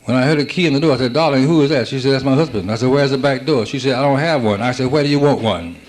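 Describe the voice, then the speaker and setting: A man doing a stand-up comedy routine, rattling off one-liners built on quick "I said, she said" exchanges. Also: medium pitch. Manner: rapid-fire joke telling with "I said, she said" setups.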